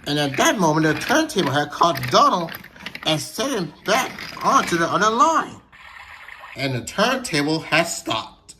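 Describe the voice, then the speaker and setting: A man's voice: on the high side, very animated, unhurried, noisy background. A man narrating a toy train story in a plain, rambling way with slips.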